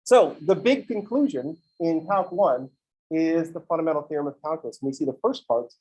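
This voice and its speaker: A man's voice: a little high, moderate pace, darkish tone, rough recording. A man teaching a math class in a conversational lecture style, with playful digressions.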